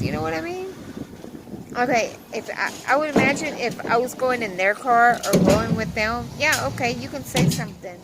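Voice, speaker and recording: A woman's voice: fairly high pitch, moderate pace, very noisy. A young woman chatting casually on her vlog, retelling workplace gossip in a ranting way. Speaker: vlogger. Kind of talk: casual chat.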